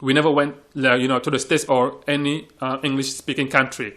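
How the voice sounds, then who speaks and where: A man's voice: mid-range voice, level tone, a little fast, pushed and bright. A man from Senegal, an English teacher talking earnestly in a panel discussion and often repeating words as he searches for phrasing.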